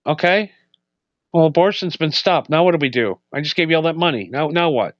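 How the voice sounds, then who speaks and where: Man, podcast co-host, rambling casual banter, frequent laughs, slightly high voice, muffled lo-fi sound. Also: lively intonation, a little fast, no echo. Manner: rambling, laughs often, acts out quotes. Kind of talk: casual comedic chat.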